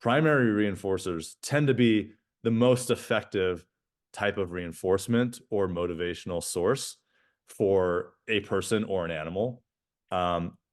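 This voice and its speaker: Lively man co-hosting a podcast. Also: low voice, a little slow. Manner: animated, many restarts and "right?" tags. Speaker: podcast co-host. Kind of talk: casual podcast chat.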